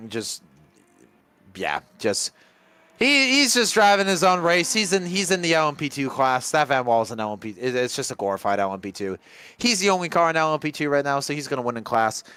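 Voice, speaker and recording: A man giving live commentary on a sim race, chatty and getting excited in close battles. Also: medium pitch, clean tone. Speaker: lead commentator.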